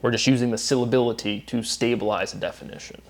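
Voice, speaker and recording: A man's voice: mid-range voice, steady tone, quick pace. Man giving a rambling solo lecture. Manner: repetitive, emphatic, circling through definitions; filler-heavy with frequent "right?" and "um". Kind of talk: unscripted solo monologue.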